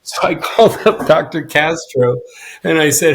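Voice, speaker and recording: Middle-aged male guest, earnest storyteller, voices the dialogue in his story, a touch high. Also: moderate pace, gravelly, fairly bright tone. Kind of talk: storytelling interview.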